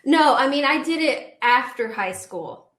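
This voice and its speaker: Young woman guest, talky storyteller, slightly high voice, roomy echo. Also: a little slow. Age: 20s. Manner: animated, chatty, filler-heavy. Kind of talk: casual storytelling.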